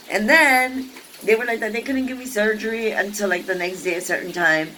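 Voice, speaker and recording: A woman with a medium-pitched voice tells a personal story in her vlog, rambling casually with lots of fillers and restarts. She lively acts out the people she quotes, and the poor-quality audio carries a little hiss or hum.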